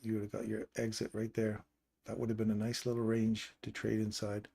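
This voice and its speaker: A man's voice: lowish voice, monotone, fairly quick, creaky, warm tone, husky. A man hosting a live trading stream, casually walking through chart levels and explaining entries as he points them out.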